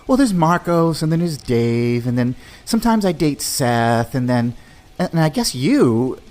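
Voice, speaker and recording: A man's voice: fairly high pitch, big pitch swings, a little slow, a little mellow, pitched above the performer's own voice. Breezy young woman, as a man puts her on. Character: casual young woman juggling several boyfriends.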